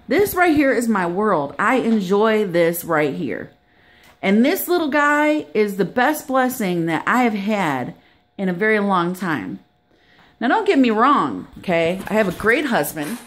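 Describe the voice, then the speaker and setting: A middle-aged woman, a grandmother, giving earnest, preachy advice in a casual vlog. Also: mid-range voice. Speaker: grandmother vlogger.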